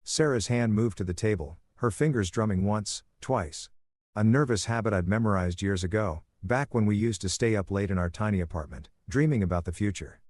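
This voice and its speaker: Calm, low-voiced male story narrator. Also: fairly quick. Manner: calm, soothing reading. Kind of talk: first-person story narration.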